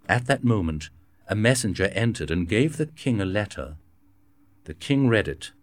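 A man reading a simplified classic novel aloud in a measured, clear storybook manner. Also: deep voice, lively intonation, dry recording. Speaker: narrator. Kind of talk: scripted narration of a graded reader.

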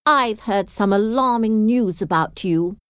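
A woman's voice: mid-range voice, expressive, slow, no echo, clean studio sound, pitched above the performer's own voice. A woman reading aloud voices a haughty, aggressive old aristocratic lady who speaks in a commanding, hostile way.

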